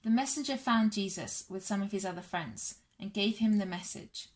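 A woman's voice: medium pitch, moderate pace. Woman reading a children's Bible story. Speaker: storyteller for a church all-age session.

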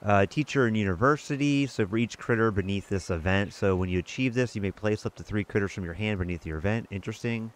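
Chatty low-voiced man hosting a game playthrough. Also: quick pace, few pauses. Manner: chatty, rambling, self-amused. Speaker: gaming channel host. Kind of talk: casual let's-play commentary.

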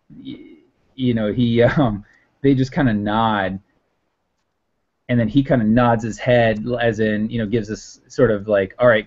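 Man, game master, slow narration, rambling, lo-fi audio. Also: medium pitch. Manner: rambling, many fillers. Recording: dull lo-fi audio.

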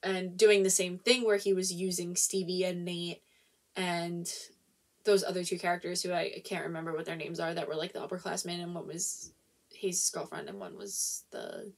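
Rambling woman with a vocal fry. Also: fairly low pitch, normal speed. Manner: rambling, fills nearly every phrase with "like"; thinks aloud, restarts sentences often. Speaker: book reviewer. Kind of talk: casual spoiler book review.

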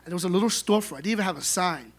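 A middle-aged man telling funny, animated stories at a memorial service, acting out the dialogue. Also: sits high, rapid-fire. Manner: humorous, animated, acts out dialogue. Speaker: son giving a eulogy. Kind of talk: storytelling eulogy at a memorial service.

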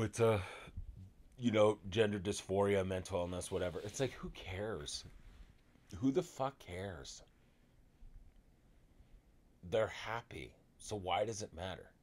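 A man delivering an angry vlog rant, exasperated and swearing, often stumbling over his words. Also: sits low. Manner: exasperated, swearing, halting restarts. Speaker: vlogger.

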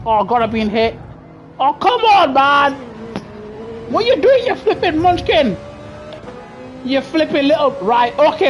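Excitable high-voiced woman streamer. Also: measured pace, long pauses, faint music behind. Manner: excitable, trash-talking other drivers, bursts into shouting. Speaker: gaming streamer. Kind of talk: live racing gameplay commentary.

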